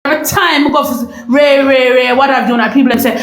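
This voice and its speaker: A middle-aged woman with a Jamaican accent ranting on a live stream, loud and confrontational, repeating herself and breaking into shouts. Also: high voice, brisk, hardly any pauses, reverberant, rough recording. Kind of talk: heated live-stream rant.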